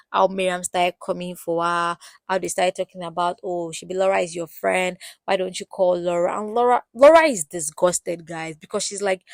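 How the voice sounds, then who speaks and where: A young Nigerian woman with a Nigerian accent, recapping a reality show in casual, gossipy commentary and putting on the cast's voices in quick asides. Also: medium pitch, creaky, no room sound.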